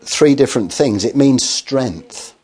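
A man's voice: medium pitch, expressive, takes it slowly, darkish tone, breathy edge. A man preaching a sermon, telling stories with acted quotes and rhetorical questions.

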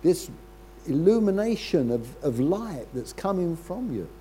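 An older man preaching a sermon in a conversational way, with rhetorical questions and frequent throat-clearing. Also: on the high side, big pitch swings, measured pace, warm tone, slight background noise.

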